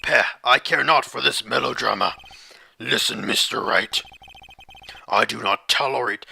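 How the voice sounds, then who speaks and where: A man's voice: medium pitch, measured pace, vocal fry, pushed and bright, husky, heavily acted. A man voicing a stern, pompous older male prosecutor, reading game dialogue in a haughty, formal way.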